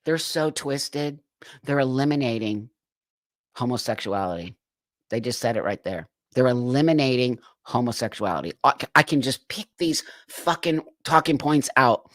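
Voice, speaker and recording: A man hosting a livestream and reacting to clips, sounding incredulous and exasperated and laughing often. His voice sits at a middling pitch, and the sound is dry and close with no room echo. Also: lively intonation, moderate pace, fairly bright tone. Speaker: livestream host.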